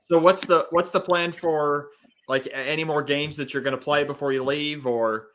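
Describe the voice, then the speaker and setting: Host guy, slightly high voice, quick questions and jokes. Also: fairly even intonation, fairly bright tone. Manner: short questions and teasing asides. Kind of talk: casual chat.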